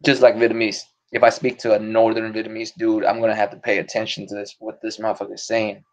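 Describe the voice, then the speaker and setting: A man's voice: on the low side, monotone, quick pace. A man hosting a podcast stream, chatting casually in a rambling, profane way and laughing often. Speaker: podcast host. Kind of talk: casual solo stream chat.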